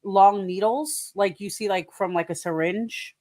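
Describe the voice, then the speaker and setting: A woman's voice: mid-range voice, unhurried, a little mellow, no echo, studio quality. A young adult woman co-hosting a podcast in casual chat, talking bluntly and frankly with plenty of swearing. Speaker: podcast co-host.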